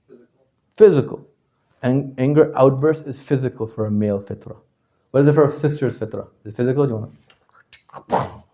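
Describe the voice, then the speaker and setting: A man teaching a class, constantly asking his listeners questions and checking that they understand, his voice jumping from loud to quiet. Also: mid-range voice, highs cut off. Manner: animated, swings from loud to quiet. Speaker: religious teacher. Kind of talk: interactive lecture to a class.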